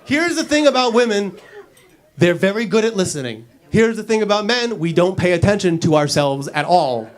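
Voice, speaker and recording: Man, stand-up comedian, high voice, lively delivery, acts out characters. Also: normal speed.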